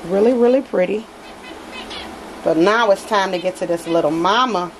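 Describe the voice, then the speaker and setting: A woman's voice: mid-range voice, normal speed, slight background noise, low-quality recording. A woman chatting casually to her viewers in a home nursery as she unboxes a doll, gushing and affectionate and often calling them y'all. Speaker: reborn doll collector vlogger.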